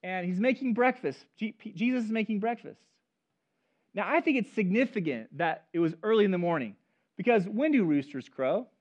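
High-voiced male pastor preaching. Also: moderate pace. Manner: storytelling, animated and conversational. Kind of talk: sermon. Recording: dull lo-fi recording.

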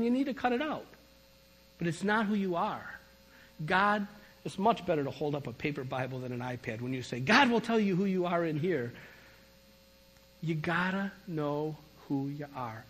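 A middle-aged man preaching a sermon, telling his story in an animated, emphatic way. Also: a little high. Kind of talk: sermon testimony. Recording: long reverb of a large hall.

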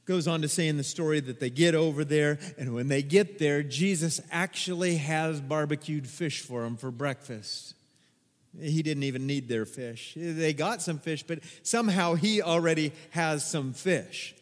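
A male pastor preaching a sermon, moving from loud, emphatic bursts to quiet, low asides. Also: normal speed, in a large hall. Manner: dynamic, swings between loud emphatic and quiet. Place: church sanctuary.

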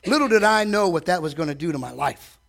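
A man preaching a sermon from a church stage, animated, asking the congregation direct questions and acting out quotes. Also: on the high side, fast, creaky. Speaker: pastor.

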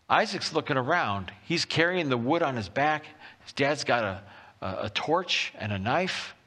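A male pastor delivers a sermon with a bright, forceful tone. He retells the story vividly, slipping into the characters' voices as he goes. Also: mid-range voice. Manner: animated storytelling, acting out voices.

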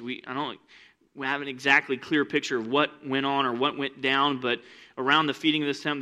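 A man preaching a sermon in a church, animated and conversational, with asides to the congregation. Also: medium pitch, brisk. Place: church sanctuary with rows of seats.

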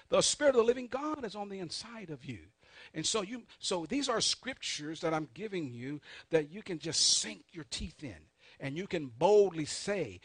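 A man preaching a sermon, calling on the congregation to answer back, swinging between soft asides and loud emphatic peaks. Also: high voice, husky, no room sound. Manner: call-and-response preaching, urging the congregation. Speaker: pastor.

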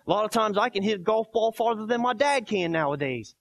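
A pastor in his thirties preaching a sermon, emphatic, swinging between soft quoted lines and loud barking. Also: high-pitched, animated, fast, gravelly.

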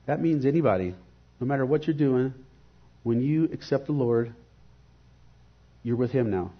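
A man's voice: mid-range voice, expressive, normal speed, highs cut off. A man giving an earnest, reflective devotional sermon and posing rhetorical questions.

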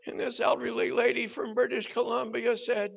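An older man preaching at a youth service, telling a story with growing drama and shouting at its peak. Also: very high voice, normal speed, gravelly. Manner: animated storyteller, voice rising to shouts at the climax. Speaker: guest preacher. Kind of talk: storytelling sermon. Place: church hall at a youth service. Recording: dull lo-fi recording.

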